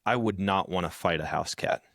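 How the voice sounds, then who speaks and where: A man with a low voice chats casually as a podcast co-host, spinning stories and acting out the people in them. His voice is recorded close and dry, with no room sound. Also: normal speed, no room sound. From rural background. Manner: storytelling, animated when acting out others. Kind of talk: casual chat.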